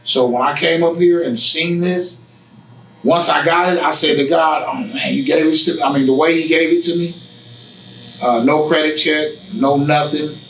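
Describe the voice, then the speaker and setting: A man telling his story in a casual interview, with preachy, animated storytelling and street slang. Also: a little high, moderate pace, roomy sound, recorded from a distance, low-quality recording. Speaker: guest, barbershop owner. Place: barbershop.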